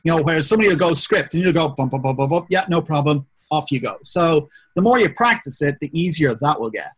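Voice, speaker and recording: A man talks through practical advice in a blunt, plain way. His voice sits a little high with a husky edge. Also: expressive, fast talker. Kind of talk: casual advice chat.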